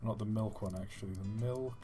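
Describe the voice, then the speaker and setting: A man's voice: on the low side, fairly even intonation, fairly quick, warm tone, soft background music. A man streaming a game live, thinking aloud as he plays and joking with his chat. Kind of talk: live gameplay commentary.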